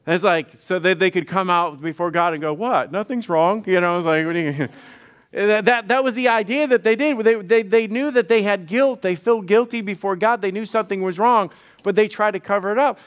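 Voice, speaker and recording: A man's voice: high voice, brisk, smooth. A middle-aged male pastor preaching conversationally, often repeating words and acting out quoted dialogue. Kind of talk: sermon.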